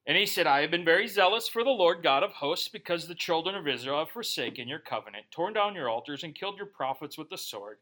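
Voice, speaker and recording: A man's voice: on the high side, lively intonation, quick pace, hardly any pauses, sharp tone. A man preaching a sermon in a conversational way, with joking asides. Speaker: pastor.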